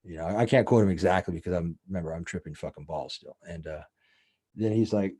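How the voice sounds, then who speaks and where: A man with a very low voice talks quickly and casually as he hosts a podcast. He tells a long, rambling story full of swearing, and he keeps saying "like" and "you know.". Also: dark tone, husky. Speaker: podcast host.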